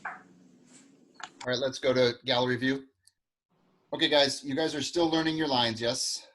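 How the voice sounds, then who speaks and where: A man's voice: medium pitch, steady tone, unhurried, a bit bright. Man coaching an acting class on a video call. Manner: direct, encouraging, gives practical coaching tips. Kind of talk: online acting class feedback.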